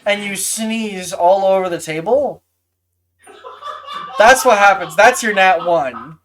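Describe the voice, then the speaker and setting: A woman running a tabletop game, narrating in a halting way with frequent restarts. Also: mid-range voice, lively intonation, slight background noise. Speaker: game master.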